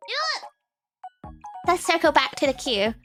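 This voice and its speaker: A woman's voice: sits high, huge pitch swings, a little slow, music in the background. A young woman hosting a live stream in casual chat, giggling often and ranting playfully at herself. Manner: playful, self-mocking rants. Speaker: streamer host.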